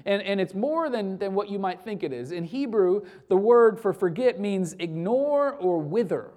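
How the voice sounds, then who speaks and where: A man preaching a sermon as pastor, emphatic, asking rhetorical questions and repeating phrases, swinging from loud urgent peaks to low quiet lines. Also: animated, normal speed.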